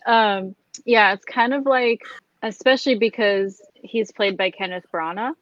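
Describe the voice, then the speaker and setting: A woman's voice: mid-range voice, unhurried, fairly bright tone, muffled recording. A woman co-hosting a film review podcast, talking casually with frequent fillers and laughs. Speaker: podcast co-host.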